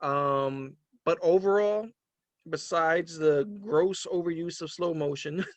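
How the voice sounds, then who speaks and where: A man co-hosting a casual movie review chat, animated, trailing off with fillers and laughing often. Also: a little high, takes it slowly, no echo. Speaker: podcast co-host.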